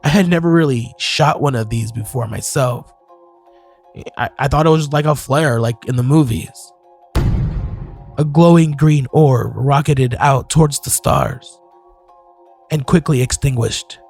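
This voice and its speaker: A man narrating a horror story in a measured, scripted storytelling manner. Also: mid-range voice, a little mellow, husky. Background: faint music.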